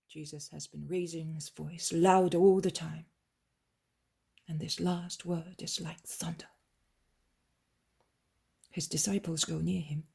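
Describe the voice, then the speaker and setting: A woman narrating a dramatized audiobook in a hushed, whispery reading. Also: deep voice, fairly even intonation, slow pace, creaky, long pauses, breathy edge. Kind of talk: scripted narration.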